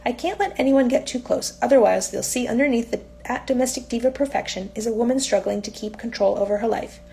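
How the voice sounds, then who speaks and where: A woman's voice: a little high, fast talker, gravelly, dark tone, a little hiss or hum. A woman reading aloud from her own novel in a casual, unpolished audiobook style, now and then stumbling and correcting herself.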